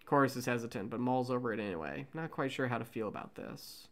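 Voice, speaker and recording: A man's voice: mid-range voice, fast, a bit bright. Man casually narrating a script read. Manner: casual, joking. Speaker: co-host reading a fan script.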